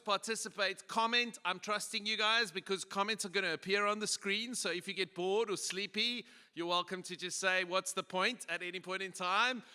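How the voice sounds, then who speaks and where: A South African man gives a lighthearted conference talk, easygoing and full of restarts. His voice is sharp and bright, clear and smooth. It rings out through a long-echo hall. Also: sits high. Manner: joking, conversational, many fillers and restarts. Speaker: pastor and conference speaker. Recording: echoey hall PA.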